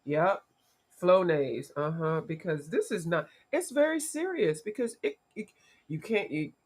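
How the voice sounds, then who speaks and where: Congested husky woman chatting on a livestream. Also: fairly low pitch. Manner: chatty, talks to chat viewers by name. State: congested from allergies, voice gone deep. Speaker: livestream host. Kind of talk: casual livestream chat.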